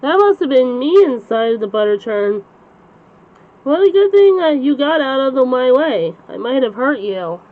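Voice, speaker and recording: Woman reader doing a plucky little storybook pig, high voice, slightly muffled lo-fi sound. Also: animated, normal speed. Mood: cheerful. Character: clever cheerful little boy pig. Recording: slightly dull lo-fi recording.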